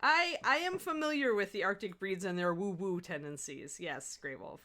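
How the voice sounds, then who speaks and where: A woman's voice: mid-range voice, animated, moderate pace, bright, forceful tone. A middle-aged woman giving a live miniature painting demo, chatting and laughing with her viewers as she works. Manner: chatty, rambling, laughs often.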